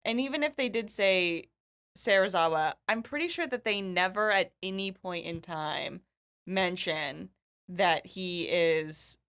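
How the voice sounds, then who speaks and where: Female co-host, crisp and bright tone, chatty explainer. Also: lowish voice, measured pace. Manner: chatty, animated, explains at length. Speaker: podcast co-host. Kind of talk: casual chat.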